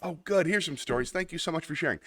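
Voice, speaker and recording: A man's voice: fairly high pitch, quick pace, a bit bright, dry recording, studio quality. A man hosting a casual livestream, rambling in a self-deprecating way and answering chat messages aloud. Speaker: livestream host.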